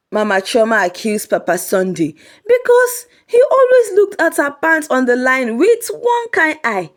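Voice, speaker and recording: A woman narrating a comic folk story in a lively, humorous way. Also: a little high.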